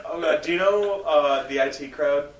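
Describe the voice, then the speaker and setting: Higher-voiced young man, rambling. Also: moderate pace. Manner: rambling, hesitant, storytelling. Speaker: podcast co-host. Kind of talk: casual gaming podcast chat. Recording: echoey room, distant mic, faint noise.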